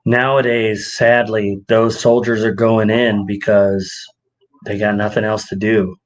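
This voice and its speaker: A young adult man co-hosting a podcast in casual chat, an animated storyteller who acts out quoted exchanges. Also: on the low side, measured pace. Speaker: podcast co-host.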